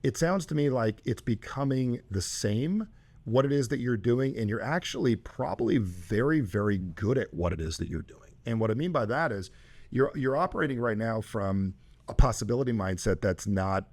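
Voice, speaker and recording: Male host-coach, mid-pitched, emphatic, surges loud and high when pressing a point. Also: lively intonation, normal speed. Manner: emphatic, rising to loud bursts. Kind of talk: coaching a caller.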